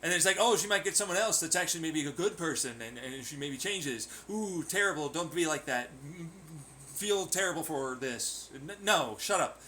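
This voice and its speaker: A man with a high, bright voice rants in a vlog, swearing freely and slipping into sarcastic mock impressions. There is a faint hum of room ambience behind him. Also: normal speed. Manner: profane, sarcastic, mocking imitations. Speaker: vlogger. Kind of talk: ranting vlog commentary.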